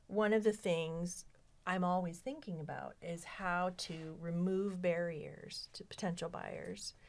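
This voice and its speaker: A woman with a lowish voice hosts a relaxed podcast book chat. She talks in an animated way and swings into playful voices when she quotes other people. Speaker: podcast host. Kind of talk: casual book club chat.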